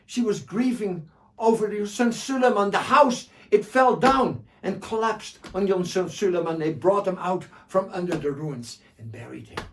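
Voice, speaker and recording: Male storyteller playing a sly, smooth-talking trickster, sing-song and raised, gravelly; distant mic. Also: high-pitched, animated, normal speed, slight background noise, pitched above the performer's own voice. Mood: mock-sorrowful. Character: sly, hungry trickster man with a smooth tongue.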